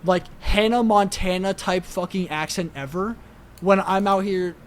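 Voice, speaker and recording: A man's voice: high-pitched, fairly even intonation, unhurried, slight background noise. A young man with a New York accent, chatting casually as a podcast co-host, rambling and swearing with lots of filler words. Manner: rambling, profane, heavy use of "like".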